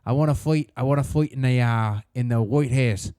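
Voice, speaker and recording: A man's voice: mid-range voice, normal speed, warm tone, clean tone, no room sound, studio quality, natural voice. A man putting on a cocky, boastful fighter in an attempted Irish accent.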